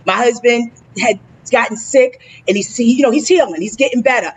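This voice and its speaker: A woman's voice: on the high side, a little fast, slight background noise, low-quality recording. Effusive New Jersey woman hosting live. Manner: effusive, repeats "let me tell you something". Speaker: host. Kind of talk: emotional live virtual event hosting.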